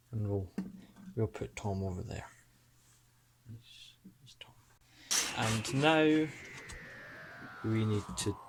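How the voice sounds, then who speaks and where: A man with an excitable, chatty manner and self-mocking asides, giving casual unboxing commentary as a toy collector vlogger. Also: on the low side, creaky. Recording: music playing underneath. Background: background music.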